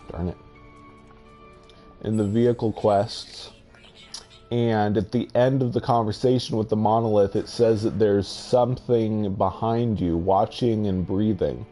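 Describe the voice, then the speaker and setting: A man's voice: fairly low pitch, mellow. A man giving musing, hesitant commentary over his own space exploration gameplay, trailing off and restarting his thoughts. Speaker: game video host.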